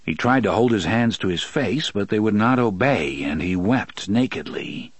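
Male narrator, low voice, dry close recording, measured read. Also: husky, no echo. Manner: measured, even storytelling. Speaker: audiobook narrator. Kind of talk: scripted narration.

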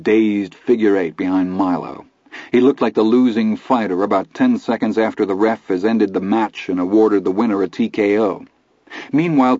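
A man narrating a first-person story in steady storytelling. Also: lowish voice, no echo. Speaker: audiobook narrator. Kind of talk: scripted narration. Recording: dull dry studio read.

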